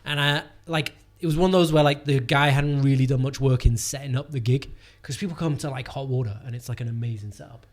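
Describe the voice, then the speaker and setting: A young man tells a story in loose, casual chat. He rambles and swears freely, fills every gap with "like", and his voice sits at an ordinary middle pitch. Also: fairly even intonation, quick pace, few pauses. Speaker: comedian guest. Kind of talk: casual anecdote telling.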